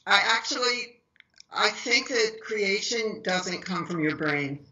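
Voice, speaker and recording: A woman author being interviewed, speaking in a measured, reflective way. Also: mid-range voice, expressive, pushed and bright, highs cut off. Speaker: author guest. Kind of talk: interview conversation.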